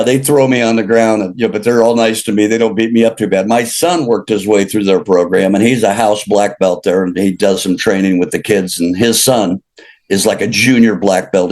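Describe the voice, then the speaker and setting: An older country recording artist from Illinois, USA, appearing as an interview guest, speaks in a lowish, slightly mellow voice. In the casual chat he tells rambling, jokey stories and laughs at his own tales.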